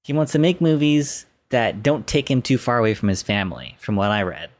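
A man's voice: mid-range voice, expressive, a little fast. Rambling man on a podcast. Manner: rambling, hedging, lots of fillers. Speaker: podcast co-host. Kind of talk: casual podcast chat.

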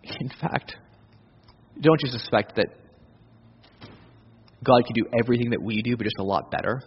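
A male pastor, preaching an animated sermon that moves between loud emphasis and hushed intensity. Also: mid-range voice, moderate pace, husky. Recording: dull audio with long hall reverb.

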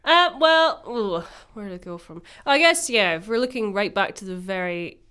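A woman's voice: medium pitch, moderate pace, clear, resonant tone. A woman in her twenties with a Scottish accent, chatting and laughing often as a podcast co-host. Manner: giggly, animated storyteller. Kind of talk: casual chat.

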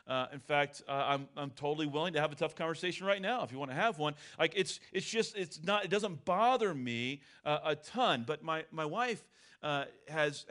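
A man's voice: fairly high pitch, fairly bright tone. A middle-aged man and pastor preaching a sermon in a candid, conversational storytelling way.

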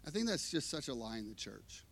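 A man preaching a sermon, animated and emphatic, shifting between hushed and loud delivery. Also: mid-range voice, brisk. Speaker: pastor. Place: church.

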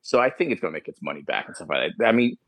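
A man co-hosting a podcast in casual chat, animated and joking. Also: deep voice, racing, dry recording. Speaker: podcast co-host.

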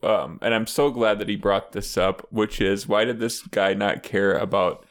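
A man's voice: fairly low pitch, moderate pace. A man co-hosting a podcast, chatting casually and laughing as he spins a made-up story. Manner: playful, laughs while telling a made-up story. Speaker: podcast co-host. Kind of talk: casual chat.

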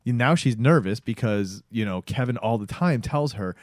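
A man with a mid-range voice co-hosts a podcast, laid-back and swearing as he recaps a show. His pitch moves around a lot as he talks. His voice sounds close and dry. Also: animated, moderate pace, dry recording. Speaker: podcast co-host. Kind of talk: casual recap chat.

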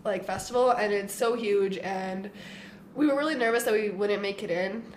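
A nineteen-year-old woman chats with lively energy, breaking into laughter as she tells stories. Her voice sits at an everyday pitch and rings in an echoey room. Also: moderate pace, a little hiss or hum. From Canada. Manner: chatty, animated storyteller, laughs often. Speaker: punk band member, guest. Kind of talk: casual podcast chat.

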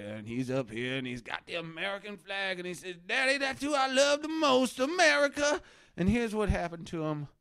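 A man doing a satirical webcast rant, bombastic and erratic, swinging from muttering to shouting. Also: on the low side, smooth, no echo. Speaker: mock livestream ranter.

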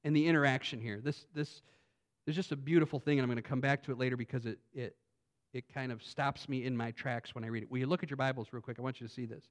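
A man preaching a sermon in a conversational way, swinging between loud emphatic lines and quiet asides, often restarting his sentences. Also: mid-range voice, steady tone, quick pace. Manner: frequent restarts and repetitions. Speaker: pastor.

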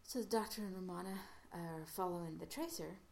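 A woman casually retelling an episode's plot as a podcast host, halting often with fillers and restarts. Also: on the low side, gravelly, a little mellow.

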